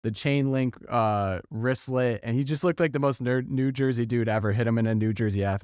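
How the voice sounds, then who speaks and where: A joking man hosts a casual podcast and moves the talk along with questions. His pitch is middling and the recording is dry. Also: brisk, hardly any pauses, darkish tone, smooth, no echo. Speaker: podcast host. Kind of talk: casual political chat.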